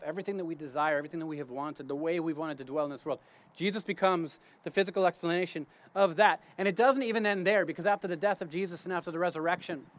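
A man giving a casual spoken Bible teaching outdoors in his garden. He talks conversationally, restarts his sentences and checks in with "right?". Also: a little high.

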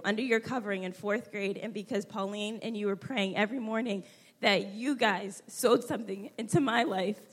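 A woman's voice: fairly high pitch, fairly bright tone, husky. Tearful young woman giving heartfelt tribute. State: close to tears. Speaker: church speaker. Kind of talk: emotional tribute at a church women's gathering.

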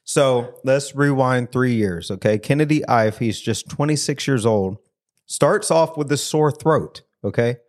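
A man's voice: mid-range voice, unhurried. A man hosting a podcast and telling a story in a casual, jokey way, laughing often, recorded on a studio mic. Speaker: podcast host.

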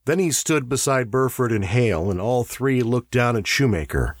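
A man reading a story aloud in a measured, expressive way. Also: mid-range voice, no echo, studio quality. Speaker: narrator. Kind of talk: audiobook narration.

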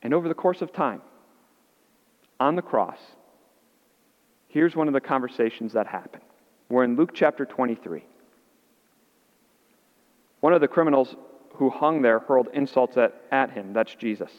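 A man preaching a sermon as pastor, animated and acting out the voices he quotes. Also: normal speed, pauses often. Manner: animated, acts out quoted voices with rising pitch. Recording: muffled audio in a reverberant hall.

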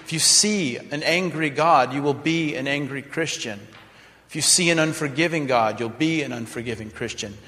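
Pastor, male, mid-high voice, dramatic sermon delivery, long reverb from a large church hall. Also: moderate pace, bright, forceful tone. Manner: dramatic, acts out prayers in mock voices.

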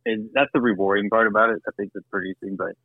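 A man being interviewed about his work as an actor and producer, talking in a loose, animated way with frequent laughs and restarts. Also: on the low side, quick pace, dry recording. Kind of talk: casual interview conversation. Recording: phone-like remote line.

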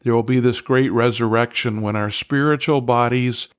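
A man's voice: medium pitch, fairly even intonation, normal speed, clear, resonant tone, dry recording, studio quality. A man teaching a devotional Bible study, earnest and emphatic, leaning on key words and putting questions straight to the listener.

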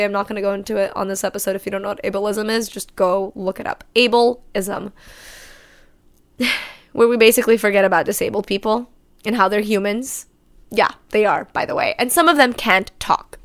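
A woman's voice: medium pitch, fairly even intonation, brisk, a bit bright, smooth. A woman hosting her own unscripted solo podcast, talking candidly and rambling, correcting herself as she goes and swearing casually. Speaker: podcast host.

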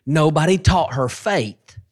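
A man preaching a sermon, with animated delivery and drawn-out, emphatic repetitions. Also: fairly high pitch. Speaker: pastor and station head.

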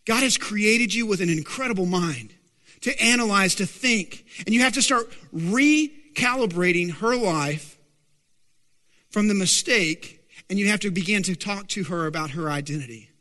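A man preaching a sermon as pastor, animated and often asking the congregation questions. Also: sits high, moderate pace, in a large hall.

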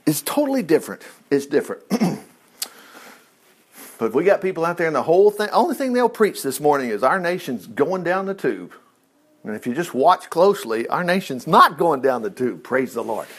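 A middle-aged male pastor delivering a loose, conversational sermon. His voice sits high and leaps around in pitch, full of folksy asides and chuckles. He talks to the congregation like old friends. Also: very animated, normal speed, fairly bright tone, breathy edge. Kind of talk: informal sermon.

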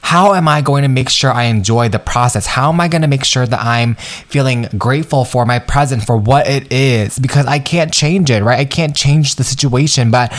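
A man's voice: medium pitch, moderate pace. Man, podcast host, motivational solo talk, swears freely, talks like a best friend. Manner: candid, profane, pep-talk tone addressing listener as "girl" and "my love".

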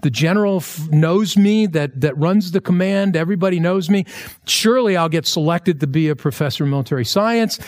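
A pastor from Pennsylvania preaching in a church, telling a personal story in an animated way and acting out the dialogue. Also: male voice, on the high side, brisk. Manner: animated, acts out dialogue in stories. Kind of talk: storytelling sermon. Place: church, filmed.

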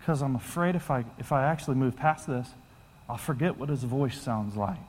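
A man voicing an older grieving widow, speaking in a hushed, halting way. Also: mid-range voice, slightly rough, voice pushed down, natural voice. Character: older grieving widow, woman, fearful and withdrawn. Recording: long hall reverb.

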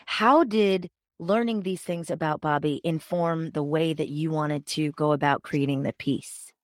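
A woman interviewer asking questions in a calm, encouraging way. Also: low voice, a little slow, dry recording, clean studio sound. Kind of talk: conversational interview.

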